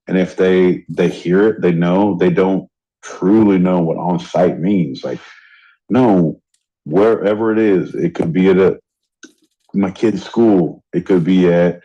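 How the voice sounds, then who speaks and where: A man's voice: low voice, dark tone. A man co-hosting a podcast in casual chat, heated and swearing freely as he rants. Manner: heated, profane ranting. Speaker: podcast co-host. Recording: dull lo-fi audio.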